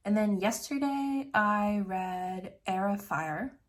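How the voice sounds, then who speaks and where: A young woman in her twenties chats to her camera in a relaxed vlog. She rambles from one thing to the next. She fills her sentences with "like" as she goes. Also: mid-range voice, takes it slowly. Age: 20s. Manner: chatty, rambling, lots of "like". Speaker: vlogger. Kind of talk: casual vlog chat.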